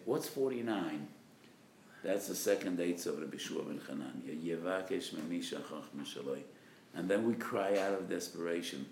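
Creaky-voiced man preaching with passion. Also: deep voice, expressive, normal speed, darkish tone, echoey room, a little hiss or hum. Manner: impassioned, swelling to emphatic peaks. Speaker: rabbi giving a Torah lecture. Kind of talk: sermon.

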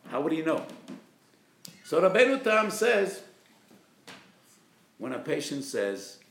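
A man, a rabbi, giving a spirited lecture on religious law, hitting key terms with loud emphasis and acting out quoted speakers. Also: a little high, big pitch swings, slow, vocal fry, echoey room, a little hiss or hum. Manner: acts out patients and doctors in quoted voices.

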